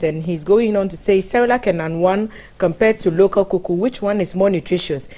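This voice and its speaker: A woman co-hosts a morning TV show, reading out viewers' questions to the guest doctor. Her voice sits at a middle pitch, and she reads in a lively, engaged way. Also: brisk, few pauses. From Ghana. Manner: lively, amused, reading out messages.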